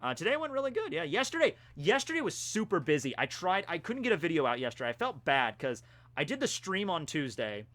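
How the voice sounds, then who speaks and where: Young adult male streamer, bright and forceful tone, loose chatty reading of viewer questions. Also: on the high side, sing-song, fairly quick. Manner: rambling, laid-back, answers questions read from chat. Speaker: streamer answering chat questions. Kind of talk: casual live-stream chat.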